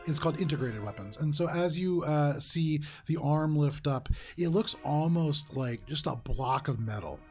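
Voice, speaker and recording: A man runs a live tabletop game, narrating the action vividly, with rambling fillers and little hums. His voice sits somewhat high. Faint music plays behind him. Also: animated, normal speed, hardly any pauses. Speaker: game master.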